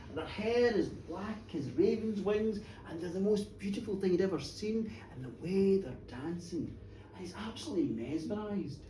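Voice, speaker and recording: A woman telling a folk tale live, dramatic, moving from hushed murmurs to shouts. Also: medium pitch, a little hiss or hum. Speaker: storyteller. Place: bar, live performance before an audience. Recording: roomy, distant live bar recording.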